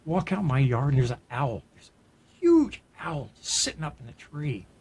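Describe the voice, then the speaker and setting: His pitch is fairly high and sing-song, slightly rough, at normal speed. A middle-aged man co-hosting a podcast, he shares a personal story in a casual, earnest, reflective manner, repeatedly restarting sentences between soft laughs.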